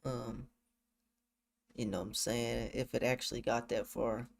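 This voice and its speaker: Gravelly-voiced man chatting on stream. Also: mid-range voice, level tone, measured pace, slight background noise. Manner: slangy, laughs often, loose and joking. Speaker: streamer reacting to clips. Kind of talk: casual reaction stream chat.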